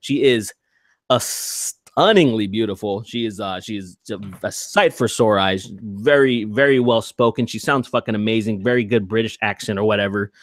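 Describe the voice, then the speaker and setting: A man's voice: on the low side, moderate pace, dry recording, studio quality. A man hosting a casual podcast, rambling and crude, with frequent restarts and laughter. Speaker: podcast host.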